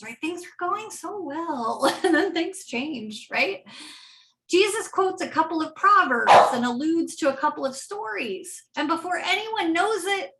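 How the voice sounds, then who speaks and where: In a church, a woman pastor preaches a sermon in a high-pitched, bright, pushed voice. Her style is conversational, and she often checks in with the congregation by asking "right?".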